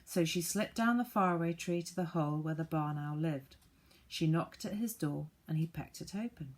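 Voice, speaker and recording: A woman reading a children's storybook aloud, gently voicing the characters. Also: low-pitched, moderate pace. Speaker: audiobook reader.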